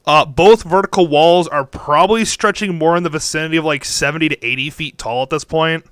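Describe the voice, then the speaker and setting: A man's voice: on the high side, a little fast, fairly bright tone, clear, resonant tone, dry recording, studio quality. A young man narrating as game master over a voice call, rambling with fillers and restarts. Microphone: headset or desk mic on a voice call.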